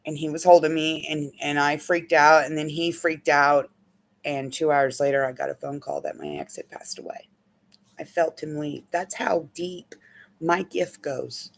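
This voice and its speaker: A woman's voice: sits low, unhurried, vocal fry. A middle-aged woman healing coach teaching in a casual, candid way, telling rambling, emotional stories from her own life.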